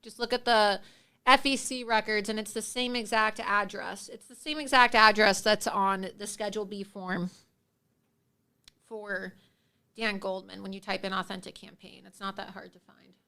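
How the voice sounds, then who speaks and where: A woman's voice: mid-range voice, fairly even intonation, normal speed, pushed and bright, clear, resonant tone. A woman hosting a livestream of political commentary, speaking in a combative, sarcastic and scornful way. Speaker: host.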